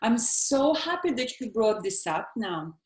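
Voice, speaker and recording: Slow-talking woman host in a roomy space. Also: a little high, sing-song. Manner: hesitant, many fillers. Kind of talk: casual conversation. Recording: roomy echo.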